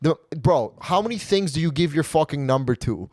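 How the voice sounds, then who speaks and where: Man, comedian host, casual storytelling, profane, rambling, higher voice, dry close sound. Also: expressive, brisk, a little mellow, dry recording. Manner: profane, rambling, repeats "okay?" and "right?".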